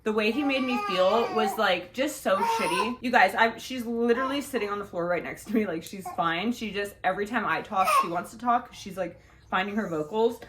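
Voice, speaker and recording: A woman's voice: mid-range voice, brisk, noisy background. A young woman talking straight to camera from home, rambling through a personal story. Her speech is blunt and casual, sprinkled with swearing and constant "like" fillers. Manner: frank and profane, full of "like" fillers. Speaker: vlogger.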